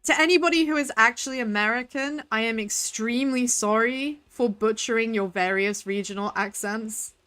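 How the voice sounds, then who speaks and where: A woman's voice: on the high side, normal speed, hardly any pauses, a bit bright, clear, resonant tone. Chatty woman with a Devon accent. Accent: Devon English. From Southwest England. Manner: chatty, giggly and rambling. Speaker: streamer. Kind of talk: casual gaming commentary.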